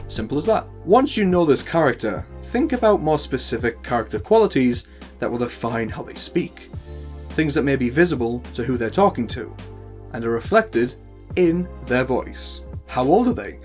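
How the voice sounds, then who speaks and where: A man's voice: medium pitch, very animated, moderate pace, darkish tone, soft background music. A man with a northern English accent hosting a tutorial, chatty with playful asides. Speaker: host. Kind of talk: tutorial talk to camera.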